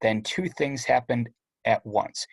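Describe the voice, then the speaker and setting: Brief: male audiobook narrator, sardonic and wry, gravelly husky tone, dry close sound. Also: mid-range voice, takes it slowly, dry recording. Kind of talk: first-person story narration.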